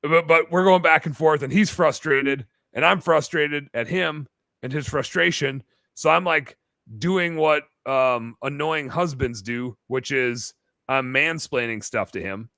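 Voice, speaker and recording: A man telling a long story as a podcast guest, animated and full of fillers in casual chat. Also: a little high, a little slow, vocal fry, no echo. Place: bar-themed podcast set.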